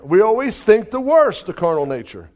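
A male preacher telling a testimony in a sermon, lively and dotted with hallelujahs and chuckles. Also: high-pitched, moderate pace. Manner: animated, exclamations of hallelujah, chuckles.

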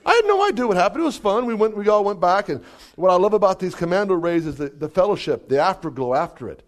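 A male preacher telling a testimony in a sermon, lively and dotted with hallelujahs and chuckles. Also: high voice, quick pace. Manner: animated, exclamations of hallelujah, chuckles.

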